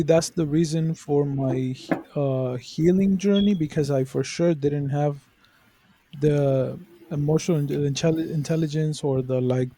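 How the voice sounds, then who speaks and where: A young man co-hosting a podcast, talking candidly and swearing as he goes. His voice is mellow and fairly high, recorded dry and close. He gets animated and laughs while he talks. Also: no room sound. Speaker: podcast co-host. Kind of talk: casual podcast chat.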